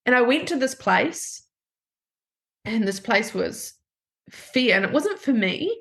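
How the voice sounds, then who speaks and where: A woman counselor telling a personal story in a podcast interview, halting and breaking off her sentences to restart them. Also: fairly high pitch, sing-song, vocal fry, a bit bright. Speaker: grief counselor guest.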